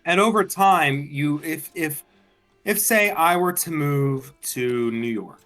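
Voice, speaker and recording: A man in casual game-stream chat who argues his points carefully and at length. Soft music plays faintly behind him. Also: a little high, slow. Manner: argumentative, lecturing, careful. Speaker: streamer co-host. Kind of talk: casual chat while gaming.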